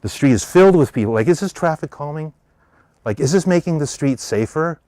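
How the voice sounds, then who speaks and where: A man with an American accent giving an animated public talk, telling stories and voicing characters in quotes. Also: on the high side, brisk, no echo. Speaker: speaker.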